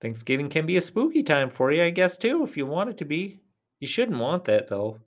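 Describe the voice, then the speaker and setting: A man chatting alone on his podcast in a rambling, friendly way, speaking straight to his listeners. His voice sits a little high for a man. He often sinks to a soft near-whisper before coming back up. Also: big pitch swings, a little fast. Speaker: podcast host. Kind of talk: casual solo podcast chat.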